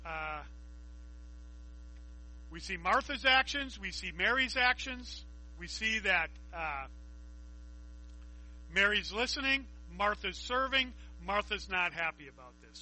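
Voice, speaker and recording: A man's voice: high voice, bright, forceful tone, low-quality recording. A man preaching a conversational Bible teaching, reading scripture aloud and asking his listeners questions.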